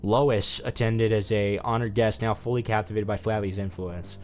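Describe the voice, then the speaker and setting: A male streamer casually reads a fan story aloud, with asides and restarts. His voice sits a little low. Faint music plays under him. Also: fairly even intonation, normal speed, darkish tone.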